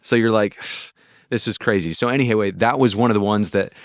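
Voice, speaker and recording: A man from North Carolina, a voice actor, telling animated, rambling anecdotes in an interview, with a gritty chest voice. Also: fairly low pitch, normal speed, clean tone, dry recording, clean studio sound. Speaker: guest voice actor. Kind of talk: casual interview storytelling.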